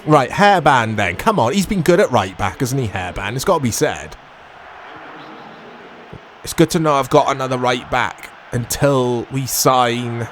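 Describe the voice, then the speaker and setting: A man commentating his own football video game play, excitable and self-mocking, shouting at big moments. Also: mid-range voice, unhurried, a little hiss or hum. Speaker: gaming YouTuber. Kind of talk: gameplay commentary.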